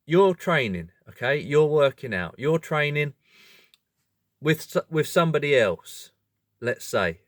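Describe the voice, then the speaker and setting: A man hosting a video, explaining in a casual monologue, animated and self-correcting, often breaking into laughter. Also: mid-range voice, dry recording, studio quality. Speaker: video host.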